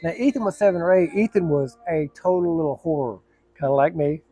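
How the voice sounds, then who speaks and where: A man's voice: on the high side, a little fast, warm tone, breathy edge, no echo, soft background music. A middle-aged man, a firefighter, telling a personal story to camera in a blunt, profane, rambling way with many restarts.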